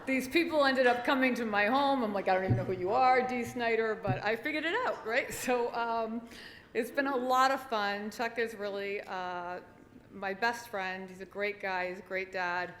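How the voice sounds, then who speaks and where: A woman giving a chatty, halting speech at an awards dinner, with plenty of fillers and small laughs. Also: a little high, steady tone, a bit bright. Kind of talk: nervous, chatty acceptance speech. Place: banquet hall at an awards dinner. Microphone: podium microphone. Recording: echoey banquet hall with faint noise.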